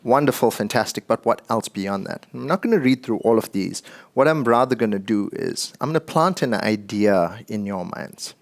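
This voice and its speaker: A man's voice: lowish voice, lively intonation, moderate pace, creaky. A man giving a conversational, joking tech presentation to an audience. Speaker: conference speaker.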